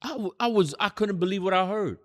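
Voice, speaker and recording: A man's voice: high-pitched, quick pace. A man teaching a church class, telling a story with fiery, profane outbursts. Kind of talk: preaching class lesson.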